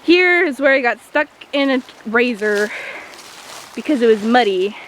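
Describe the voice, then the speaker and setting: A woman's voice: fairly high pitch, lively intonation, a bit bright, rough recording. Chatty teen girl walking in a windy forest. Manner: chatty, self-mocking, jokey asides. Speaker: vlogger. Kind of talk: walking tour vlog. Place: small forest by a creek, outdoors on a windy day. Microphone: handheld iPod camera. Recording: wind noise and a rushing creek.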